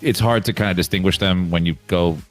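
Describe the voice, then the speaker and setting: A man co-hosting a podcast, relaxed and explaining things plainly. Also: sits low, a little fast, faint music behind. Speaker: podcast co-host. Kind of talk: casual podcast chat.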